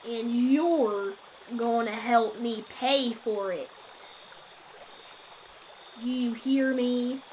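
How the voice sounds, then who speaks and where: A woman voicing a menacing male prank caller who makes loud, slow, bullying demands. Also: on the high side, slight background noise, rough recording.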